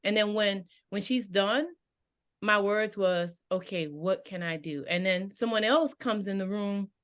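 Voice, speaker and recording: A woman's voice: medium pitch, measured pace, fairly bright tone. A woman in casual conversation about grief, animatedly telling personal stories and acting out the voices of the people in them.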